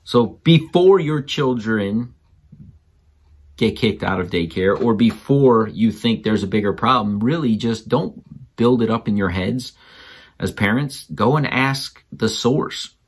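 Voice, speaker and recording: Taking it slowly in a husky voice, a dad animatedly recounts something about his kid and hands fellow parents forceful advice, his voice leaping higher each time he quotes others.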